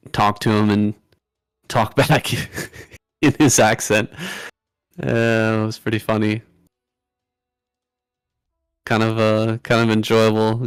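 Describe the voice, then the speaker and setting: Easygoing male co-caster with a lowish voice; dry mic, faint music underneath. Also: clean tone, no room sound. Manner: easygoing, self-mocking. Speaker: game caster. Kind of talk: casual chat during a stream.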